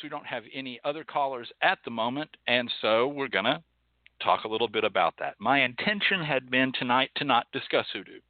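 A man's voice: mid-range voice, no echo. A man from Texas hosting a call-in radio show, speaking bluntly and passionately with profanity and a preacherly cadence. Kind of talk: impassioned call-in talk show. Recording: tinny phone-like audio.

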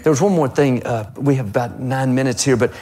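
A man hosts a faith-based talk. He speaks in an encouraging, preacherly way. His voice sits at an ordinary pitch. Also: a little fast, dark tone. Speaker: host.

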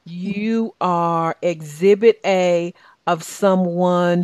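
A woman's voice: fairly low pitch, very slow, no room sound. A middle-aged woman with a Southern US accent hosting a talk show, encouraging and full of restarts. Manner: warm, encouraging, with many restarts and fillers. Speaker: radio show host and life coach.

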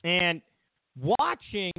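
Speaking extremely slowly with vocal fry, this political commentary host has a high, clear, resonant voice that swings widely in pitch. His opinion monologue is a blunt, profane rant, complete with whiny-voiced mockery of opponents, heard through tinny phone-like audio with no room sound.

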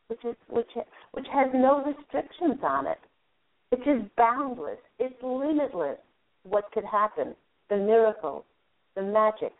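A woman radio host giving a call-in angel card reading, gently guiding the caller through a visualization. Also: medium pitch. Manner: soothing, guiding, talks listener through a visualization. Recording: narrow phone-line sound.

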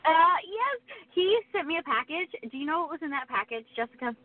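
A woman's voice: very high-pitched, sing-song, a little fast, no echo. A woman co-hosting a casual faith podcast, chatty and fond of long stories. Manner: chatty, storytelling, wordy. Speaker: co-host. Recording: tinny phone-like sound.

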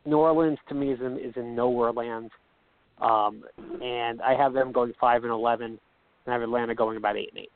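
A man co-hosting a sports radio talk show, mumbling and halting, repeating himself as he talks. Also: medium pitch, fairly even intonation. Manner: halting, repeats words, hard to hear. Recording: dry, phone-like line.

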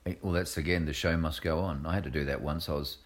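Deep-voiced animated male storyteller. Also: fast. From Australia. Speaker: guest entertainer. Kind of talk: casual interview chat.

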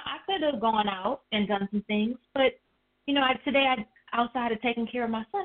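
A woman co-hosting a casual chat, reflective and talking with many "you know" fillers. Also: fairly high pitch. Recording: tinny phone line.

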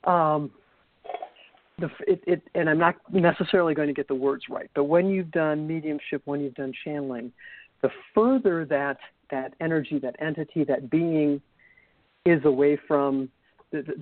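A male host, slightly out of breath, talking in a halting way and stumbling over his words. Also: fairly high pitch, no room sound. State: a little out of breath. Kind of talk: casual interview talk. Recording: dry, tinny phone-line audio.

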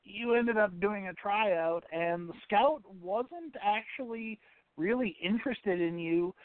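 A man hosting a podcast, asking long questions in a halting way with restarts. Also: high voice, dry recording. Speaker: podcast host. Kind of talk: interview questions. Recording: dry tinny phone-like line.

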